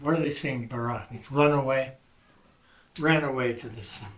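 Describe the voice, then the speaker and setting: A man's voice: medium pitch, normal speed, fairly bright tone, echoey room. A man teaching a Hebrew class, patiently correcting students and explaining grammar step by step. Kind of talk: classroom language lesson.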